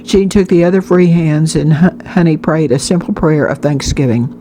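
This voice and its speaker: A woman narrating an audiobook in a calm, steady storytelling manner. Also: deep voice, normal speed, slight background noise. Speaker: audiobook reader. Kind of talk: scripted narration.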